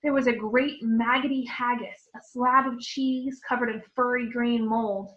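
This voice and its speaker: Teacher lady reading a kids' chapter book, kinda high voice, muffled sound. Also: a little slow. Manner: expressive, clear storytelling. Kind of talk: reading a storybook aloud to children.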